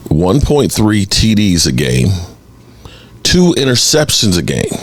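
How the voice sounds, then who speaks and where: Man, sports podcast host, low voice, very lively pitch, exasperated opinionated commentary. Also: takes it slowly. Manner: animated, exasperated, mocks critics in exaggerated voices.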